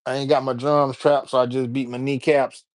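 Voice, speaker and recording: A man from Alabama, chatting casually on a livestream and shouting out viewers by name. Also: mid-range voice, flat delivery, moderate pace. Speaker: livestreamer and rapper. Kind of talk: casual live-stream chat.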